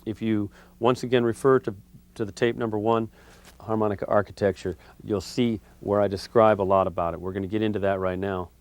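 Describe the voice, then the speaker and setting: Low-voiced man teaching harmonica. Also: fairly quick. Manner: relaxed, conversational, with fillers. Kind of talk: instructional video lesson.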